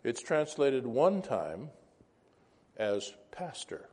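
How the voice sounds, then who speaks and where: Brief: male Bible teacher, casual and chatty, mid-pitched voice, quizzes the room. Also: very animated, very slow, warm tone. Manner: conversational, asks the class questions, wanders into asides. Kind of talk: informal Bible class teaching.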